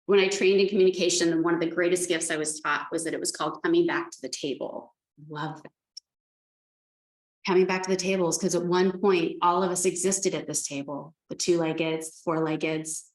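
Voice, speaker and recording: A woman speaking as an animal communicator, telling stories in a chatty way with lots of restarts. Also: on the low side. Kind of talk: spiritual talk. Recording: echoey room.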